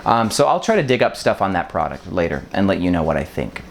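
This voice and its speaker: Chatty rambling man, lowish voice. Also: big pitch swings, fast talker, vocal fry. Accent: mostly neutral American, faint Wisconsin. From Wisconsin, USA. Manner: rambling, many ums, loose and chatty. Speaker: vlogger, short-term rental host. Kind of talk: casual vlog talk to camera. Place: indoors, apartment full of boxes.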